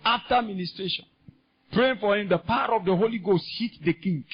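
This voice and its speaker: A man preaching a sermon in a Nigerian English accent, impassioned and climbing into shouts. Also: high-pitched, a little fast, husky. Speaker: pastor. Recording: dull lo-fi sound.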